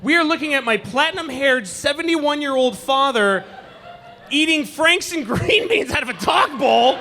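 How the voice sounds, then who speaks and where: A man in his forties doing a stand-up comedy set in a club, animated and acting out people with shouted asides. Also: extremely high pitch, moderate pace, creaky, slight background noise. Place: comedy club stage before a live audience.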